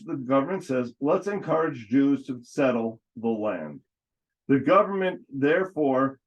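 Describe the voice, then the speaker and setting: Halting man lecturing, dull lo-fi sound. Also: a little high. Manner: halting, frequent false starts and self-corrections. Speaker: lecturer on history. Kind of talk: adult education lecture. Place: congregation classroom. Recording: dull lo-fi recording.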